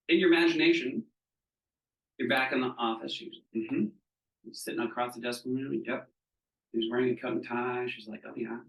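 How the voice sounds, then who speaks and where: A Southeast Florida man leads a training group, speaking at medium pitch, a little quickly, with a fairly bright tone. He acts out the characters in his stories and keeps asking "right?". The mic sits at a distance in an echoey room.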